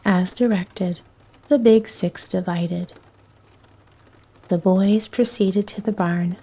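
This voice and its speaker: A woman reading a bedtime chapter book aloud in a calm, soothing way. Her pace is very slow and her tone is soft and darker, with an unhurried, mellow warmth. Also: medium pitch. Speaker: narrator. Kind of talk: sleepy bedtime story reading.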